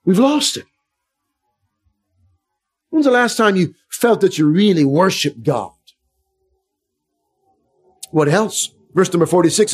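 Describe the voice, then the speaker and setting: A middle-aged man preaching a sermon with fervour, dropping to a hush and then rising loud. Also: high voice, big pitch swings, measured pace, pauses often, breathy edge. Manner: fervent, swings from hushed to loud.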